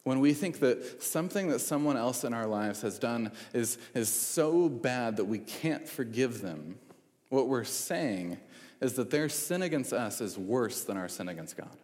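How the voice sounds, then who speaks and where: A man's voice: mid-range voice, expressive, measured pace, a little mellow. A man giving a sermon as a preacher, talking conversationally with frequent fillers and restarts. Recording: long reverb in a large hall.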